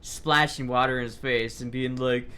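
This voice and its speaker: A young man livestreaming, chatting casually and reading chat aloud in a loose, profane, animated way. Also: medium pitch, normal speed, smooth. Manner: loose, profane, animated, with frequent restarts and laughs. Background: faint background music.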